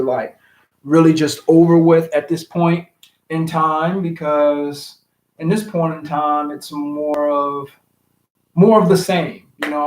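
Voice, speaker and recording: A man hosting a casual live-streamed cocktail hour, chatting in a relaxed way full of ums. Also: a little high, echoey room, poor audio. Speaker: livestream host. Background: music.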